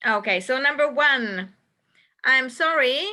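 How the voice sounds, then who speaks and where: A woman's voice: high-pitched, animated, slow, bright, forceful tone. A woman teaching a classroom English lesson, patiently checking answers one by one and repeating them. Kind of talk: classroom instruction.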